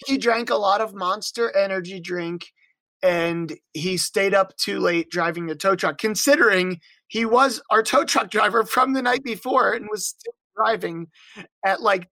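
A young adult touring musician tells a road story in a wry, profane, casual way and slips into the voices of the people in it. The voice sits at a middling pitch and is recorded close and dry, with no room sound. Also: pushed and bright, no room sound.

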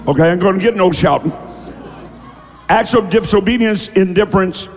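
A man preaching a sermon, emphatic and folksy, often breaking into shouts. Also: sits high, normal speed, in a large hall, faint music behind. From rural American South. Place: church.

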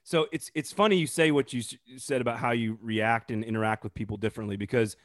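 A man hosts a relaxed, casual conversation, pausing and restarting his thoughts often. The recording is dry and close, and his pitch sits mid-range for a man. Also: no room sound. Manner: relaxed, halting, with many restarts. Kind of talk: casual podcast chat.

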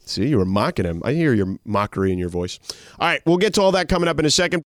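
A man's voice: very animated, fast talker, no echo. A man hosting a radio show, joking around in easygoing studio banter with his co-hosts. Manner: easygoing, with big swings in pitch while joking. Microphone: studio mic.

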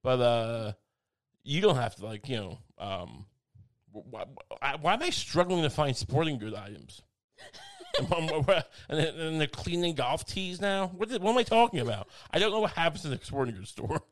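A man's voice: a little high, sing-song, moderate pace. A man in casual comedic conversation, rambling through half-finished thoughts and laughing at himself. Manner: rambling, self-mocking, lots of restarts.

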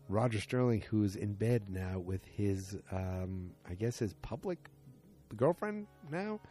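A man with a low, mellow voice rambles through a recap of a TV episode from his home. He slips into the characters' lines, pushing his voice higher for each one. Faint music sits softly behind him. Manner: rambling, acts out characters' lines with raised pitch. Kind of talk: casual recap vlog.

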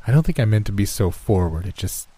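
A man narrating a first-person horror story in a steady, scripted storytelling manner. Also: fairly low pitch, fast talker, breathy edge, dry recording.

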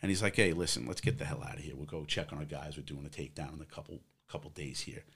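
A man's voice: very deep voice, fast, gravelly, fairly bright tone, breathy edge. A middle-aged man, a former police officer, telling a long personal story in casual conversation, with many fillers and quoted exchanges. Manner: rambling, acts out others' quotes, many fillers.

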